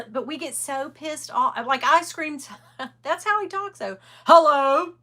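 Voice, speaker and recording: A woman's voice: sits high, slow pace. A middle-aged woman hosting a casual livestream, chatting in a rambling way and greeting viewers by name. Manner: animated. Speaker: livestream host.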